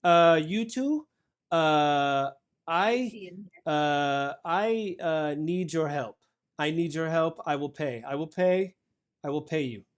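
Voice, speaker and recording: A man's voice: a little high, takes it slowly, clear, resonant tone. A man voicing a flustered female shopkeeper and potion maker who stammers and keeps asking the listener to hang on.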